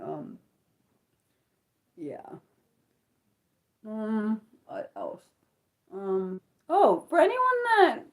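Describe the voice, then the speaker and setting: A woman's voice: mid-range voice, a little mellow. A woman from Maryland with a Maryland American accent, hosting a casual unscripted livestream and rambling along with many fillers and restarts. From Maryland, USA. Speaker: livestream host.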